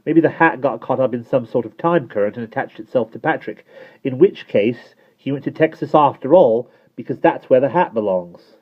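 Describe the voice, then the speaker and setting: A man's voice: mid-range voice, animated, moderate pace, voice pushed up, natural voice. A man reading aloud and voicing an earnest, worried young boy in a storybook, talking urgently over a tinny, phone-like recording. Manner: urgent, insistent.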